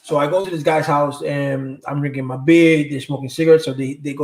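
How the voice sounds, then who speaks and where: A man's voice: a little high, steady tone, fairly quick, darkish tone. A middle-aged man talks casually to his livestream viewers with a slightly raised voice. He rambles through stories and replies to comments, using street slang and plenty of cursing. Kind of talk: casual storytelling chat.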